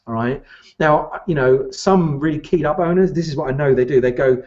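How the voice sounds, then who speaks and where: A man coaching recruitment business owners in an animated direct-to-camera talk, often putting questions straight to the listener. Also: on the high side, a little fast, highs cut off.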